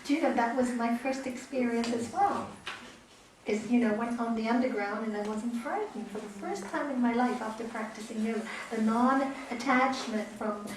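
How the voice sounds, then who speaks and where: Higher-voiced woman teaching in an echoey room. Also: moderate pace, a little hiss or hum. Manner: animated, repeats key words. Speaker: yoga teacher. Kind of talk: teaching a class. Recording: echoey room, mic far off.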